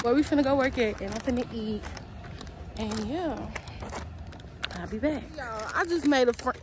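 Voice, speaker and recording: A young woman, talking casually to her viewers while walking around a college campus, chatty and full of slang. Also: a little high. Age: young adult. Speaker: college student vlogger. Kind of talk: casual walk-and-talk vlog. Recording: outdoor traffic noise behind.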